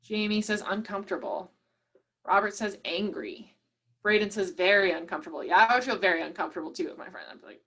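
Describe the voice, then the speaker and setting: A woman facilitates an online workshop, reading participants' chat replies aloud and cheering them on in an upbeat, encouraging way while saying "y'all" often. Her medium-pitched voice is bright and forceful and moves a little fast.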